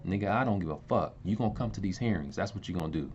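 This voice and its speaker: A man's voice: low voice, expressive, racing, a little mellow. A man hosting his own channel, ranting heatedly at someone, swearing and repeating himself as he talks. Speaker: channel host. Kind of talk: angry video rant. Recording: dull lo-fi sound with faint noise.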